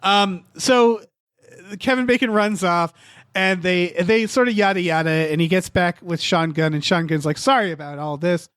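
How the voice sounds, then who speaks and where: High-voiced man chatting about a movie. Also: moderate pace, clean tone, dry recording, studio quality. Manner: animated, swears freely, laughs often. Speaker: podcast host. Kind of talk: casual movie discussion.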